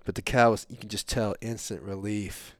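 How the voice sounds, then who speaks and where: A middle-aged man hosting a podcast, telling a long story in a rambling, animated way with lots of fillers. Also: on the low side, normal speed, no room sound. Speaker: podcast host. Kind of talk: casual storytelling chat.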